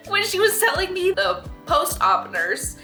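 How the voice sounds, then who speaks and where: A woman's voice: extremely high pitch, sing-song, slow pace, over music. A young adult woman chatting candidly to camera as a vlogger, laughing often. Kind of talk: casual chat to camera.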